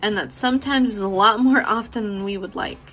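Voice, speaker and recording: Woman, candid motivational talk, profane, affectionate, mid-pitched voice, soft background music. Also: fairly quick. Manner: frank and profane, affectionate, laughs often. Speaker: beauty vlogger.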